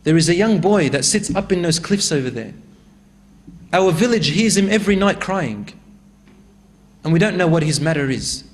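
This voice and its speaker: A man's voice: on the high side, lively intonation, normal speed, long reverb tail, close to an everyday voice. A man doing a matter-of-fact village shepherd.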